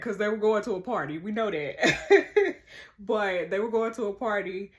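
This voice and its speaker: Chatty woman narrating a mystery game. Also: medium pitch. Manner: chatty, talks to viewers, reads texts aloud. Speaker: gamer playing a mystery game. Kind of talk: casual let's-play commentary.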